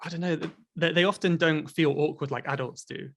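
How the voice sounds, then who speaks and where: A man with a somewhat high voice talks casually about teaching English. He often repeats words as he begins a thought, and agrees along in a friendly way. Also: fairly even intonation, a little fast, creaky. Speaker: English teacher, podcast co-host. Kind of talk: casual chat.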